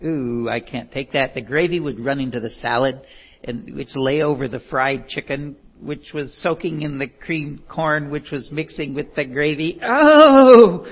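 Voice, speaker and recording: A man's voice: medium pitch, steady tone, normal speed, breathy edge. A man giving a talk in a folksy, storytelling way, with chuckles and self-deprecating, rambling asides. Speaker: speaker giving a talk on love. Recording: dull lo-fi recording.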